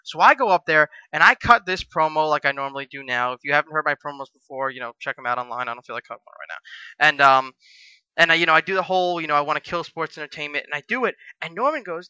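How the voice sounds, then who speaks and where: A man co-hosting a casual podcast, telling lively stories and acting out the people in them. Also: fairly high pitch, fast talker, clear, resonant tone, no echo, lo-fi sound. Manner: animated, acts out quoted voices with profanity. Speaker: podcast co-host, wrestler.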